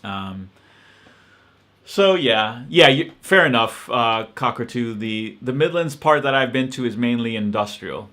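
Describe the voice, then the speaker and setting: Bright-voiced man, hesitant chat. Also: mid-range voice, animated, a little slow. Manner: hesitant, many ums and restarts, reflective. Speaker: channel host answering live-stream questions. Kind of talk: casual live-stream Q&A.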